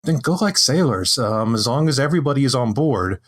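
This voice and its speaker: A man's voice: medium pitch, animated, fairly quick. A man on a podcast panel, talking things through casually with lots of restarts and fillers. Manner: hesitant, many restarts and fillers.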